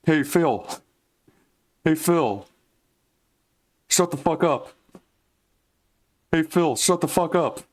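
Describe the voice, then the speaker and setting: Man doing a high, heavily nasal whiner, petulant sore loser, slow drawl. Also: expressive, a little mellow. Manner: raised, whining pitch.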